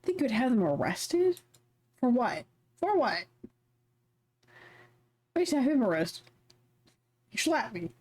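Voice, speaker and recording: This young streamer has a fairly high, darkish, slightly rough voice; she's very animated yet takes it slowly, with long pauses. Between lines of a visual novel she reads aloud, she chats casually, swears freely and rambles through stories.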